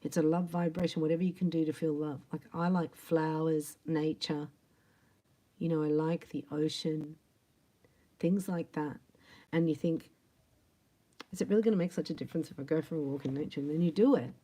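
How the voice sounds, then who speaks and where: A woman giving a tarot reading in a chatty, animated monologue, acting out imagined quotes and sometimes dropping to a soft whisper. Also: low-pitched, moderate pace, long pauses. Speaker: tarot reader.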